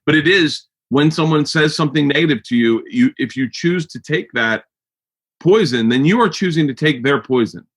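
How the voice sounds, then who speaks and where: A man's voice: a little high, animated, moderate pace, breathy edge. An American man hosting a podcast, talking in a rambling, profane way with lots of restarts. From United States. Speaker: podcast host. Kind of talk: casual chat.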